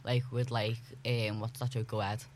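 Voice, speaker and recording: A man's voice: medium pitch, level tone, moderate pace. A young man chatting casually in a group, emphatic and full of "like". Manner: emphatic, repeats phrases, lots of "like".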